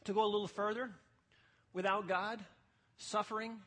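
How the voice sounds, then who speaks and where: Passionate husky-voiced male preacher. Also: sits high, level tone, moderate pace. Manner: passionate, emphatic preaching with sudden quiet stretches. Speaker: pastor. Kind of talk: sermon. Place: church service.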